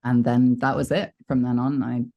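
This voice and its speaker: A woman's voice: extremely low pitch, level tone, normal speed, dull audio. A British woman in her forties, a voice actor guest in an interview, talking candidly and chattily about her life and laughing at herself. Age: 40s. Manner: frank, chatty storyteller who laughs at herself.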